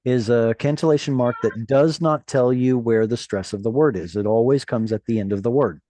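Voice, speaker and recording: Man, teacher, online class, patient, encouraging, mellow, dry sound. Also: medium pitch, brisk, no room sound. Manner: patient, encouraging, explains step by step. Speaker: Hebrew teacher. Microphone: video call.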